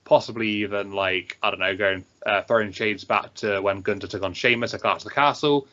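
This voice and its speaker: A man with a bright, tense, fairly low voice hosts a casual wrestling prediction chat. He hedges and restarts his sentences as he talks. The recording sounds dull and lo-fi. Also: steady tone, a little fast. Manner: hesitant, self-correcting.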